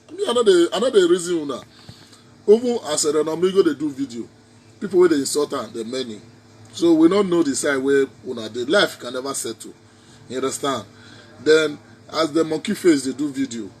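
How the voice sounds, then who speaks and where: A man's voice: a little high, a little hiss or hum. A man with a Nigerian Pidgin accent giving a preachy, repetitive, mocking political rant in a casual vlog. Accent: Nigerian Pidgin English speaker. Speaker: social media commentator.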